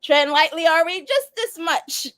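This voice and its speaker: A woman's voice: extremely high pitch, expressive, normal speed, fairly bright tone, dry recording. A young adult woman hosting a casual live-stream chat, laughing and teasing as she reads viewer answers. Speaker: host.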